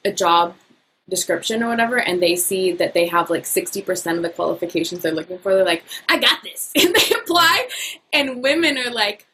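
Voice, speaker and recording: A woman talking as a podcast guest, upbeat and animated, laughing often. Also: mid-range voice, fairly quick, low-quality recording. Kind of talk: casual podcast conversation.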